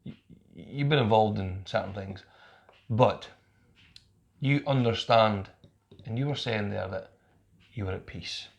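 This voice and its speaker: A man's voice: fairly low pitch, measured pace, vocal fry, long pauses. A middle-aged man, hosting a casual heart-to-heart podcast chat and swearing freely as he encourages his guest. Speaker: podcast host.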